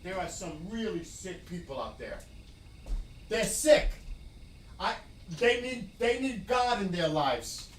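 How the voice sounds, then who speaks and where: A man's voice: high-pitched, very animated, a little slow, background noise. Blunt, cursing man chatting on stream. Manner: blunt and agitated, swears often, rambling with restarts. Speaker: gaming streamer. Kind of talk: casual live-stream chat.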